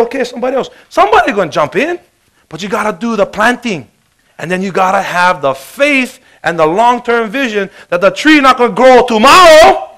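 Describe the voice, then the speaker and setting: A man giving an energetic, joking motivational sales talk. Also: very high voice. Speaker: business presenter.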